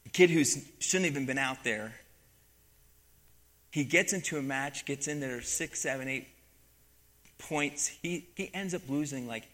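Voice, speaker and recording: A man preaching a sermon, telling a story from his coaching days with animated emphasis and acted-out quotes. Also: mid-range voice. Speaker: pastor and former wrestling coach. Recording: long hall reverb.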